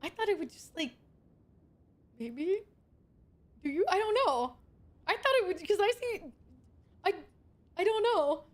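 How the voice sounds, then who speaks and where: A woman streamer chatting casually with her viewers, excitable and swearing a lot, with loud outbursts. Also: extremely high pitch, a little slow, long pauses. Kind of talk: casual live-stream chat.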